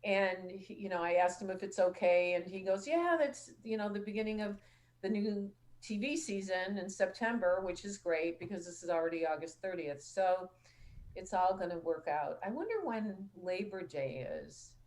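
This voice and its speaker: Here the call-in show host is a woman with a mid-range, slightly mellow voice, fairly even in intonation and normal in speed. She chats her way through stories, playing out quoted dialogue as she goes.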